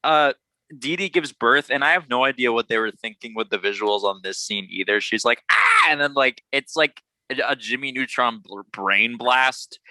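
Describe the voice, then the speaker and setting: A young man chatting casually about a movie, full of fillers and quick laughs. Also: medium pitch, pushed and bright, no echo, low-quality recording. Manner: chatty, many fillers, laughs often, slips into cartoon voices. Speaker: podcast co-host.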